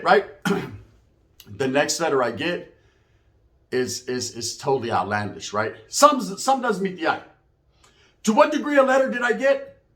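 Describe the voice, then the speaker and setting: High-pitched streetwise storyteller man. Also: fairly bright tone. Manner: streetwise slang, acts out dialogue, frequent "you know what I mean". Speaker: storyteller recounting prison life. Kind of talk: casual storytelling.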